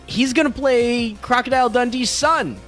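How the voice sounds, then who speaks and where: A man's voice: extremely high pitch, moderate pace, fairly bright tone, faint music behind. A man co-hosting a movie podcast, ranting and joking in casual chat. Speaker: podcast co-host.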